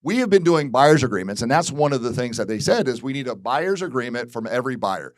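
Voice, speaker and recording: Plainspoken Florida real estate broker. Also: male voice, medium pitch, big pitch swings, fast talker, no room sound, studio quality. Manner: candid, repeats phrases, frequent restarts. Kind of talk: casual commentary. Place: real estate office video.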